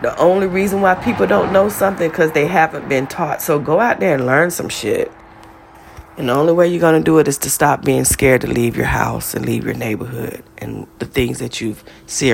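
A woman's voice: gravelly, slightly rough. A woman giving an impassioned, preacherly testimony, blunt and profane, telling her story to listeners. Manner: preacherly, profane, builds to high shouted pitch when retelling.

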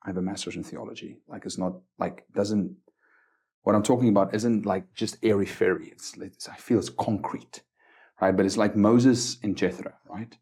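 A middle-aged man from South Africa talks earnestly in a low, gravelly voice. His husky tone stays mellow and dark as he tells his stories, often repeating words and checking in with "right?". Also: fairly even intonation, normal speed. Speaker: missions base leader, guest. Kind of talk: conversational storytelling interview.

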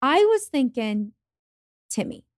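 A woman with a fairly high voice co-hosts a chatty podcast. She breaks in with short, wry remarks as the story goes on. Her voice sounds close and dry. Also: very animated, dry recording. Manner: quick wry interjections. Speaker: podcast co-host. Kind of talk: casual chat reacting to a story.

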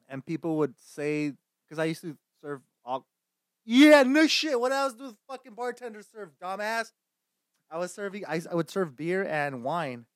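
A young man hosting a casual stream, talking loudly, swearing constantly and laughing often. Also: a little high, no echo, clean studio sound. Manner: loud, swearing, laughing often, mocking voices. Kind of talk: profane casual chat.

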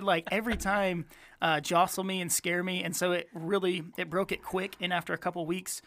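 Youth minister guy telling a funny story, chatty and animated, lots of uh's. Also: high-pitched, fairly quick. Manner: animated storyteller, uses fillers. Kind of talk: casual storytelling chat.

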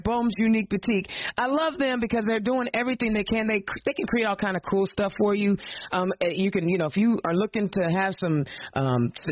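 Woman, podcast host, fiery political rant, rhetorical questions, casual slang, mid pitch, dry, dull lo-fi sound. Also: no room sound. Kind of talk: impassioned political rant and show hosting.

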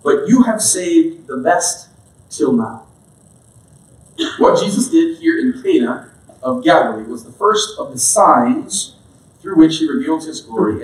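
Chatty, joking high-voiced preacher. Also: male voice. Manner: chatty, joking, lots of "like" and "all right?". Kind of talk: casual sermon. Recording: roomy hall, from a distance.

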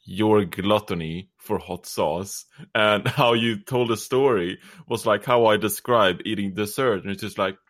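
A man's voice: fairly low pitch, a little slow, few pauses, fairly bright tone. A man teasing a friend and laughing in a casual podcast chat. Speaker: podcast co-host.

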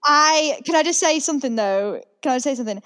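Young woman from the UK, giggly gossipy chat, fairly high voice, podcast co-host. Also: expressive, fairly quick, fairly bright tone. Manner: chatty, giggly, gossipy storytelling. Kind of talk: casual chat.

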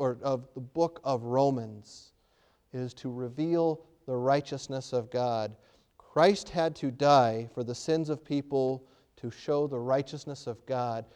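A man preaching a sermon, retelling a story with sudden loud emphatic peaks and frequent hesitant restarts. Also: medium pitch, smooth. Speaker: pastor.

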